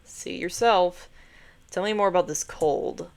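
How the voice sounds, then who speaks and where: A woman's voice: fairly low pitch, unhurried, darkish tone. A woman voicing a snarky but caring young brother, dry and teasing.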